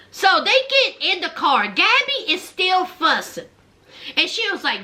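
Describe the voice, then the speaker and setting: A woman casually recapping a reality show, animated and acting out everyone's lines. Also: extremely high pitch, unhurried.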